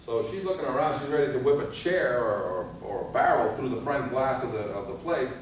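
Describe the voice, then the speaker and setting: Animated male instructor in an echoey hall. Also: medium pitch, brisk, distant mic, a little hiss or hum. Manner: animated, asks the audience rhetorical questions. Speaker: fire escape safety instructor. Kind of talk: seminar lecture. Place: seminar room.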